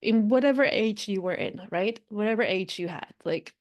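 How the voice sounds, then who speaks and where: A woman hosting a spiritual podcast, musing in a casual, animated way, often acting out inner voices and laughing. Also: medium pitch, normal speed, highs cut off. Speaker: podcast host and spiritual coach. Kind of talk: casual reflective monologue.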